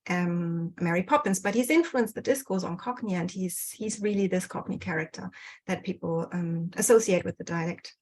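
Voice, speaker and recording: A woman's voice: fairly low pitch, moderate pace, darkish tone, low-quality recording. Hesitant woman presenting research online. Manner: hesitant, many fillers and restarts. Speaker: guest researcher. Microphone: computer mic on video call.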